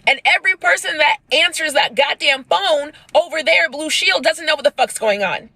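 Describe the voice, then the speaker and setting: A woman's voice: high voice, normal speed, gravelly, pushed and bright, dry recording. A woman crying while she angrily rants into her phone in a profane selfie video. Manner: angry profane rant.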